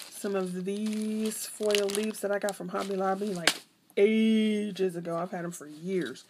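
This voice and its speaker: Casual craft-vlog woman, gravelly and chatty, rambling show-and-tell, slight background hiss. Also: medium pitch, darkish tone. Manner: chatty, rambling, self-correcting. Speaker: craft vlogger.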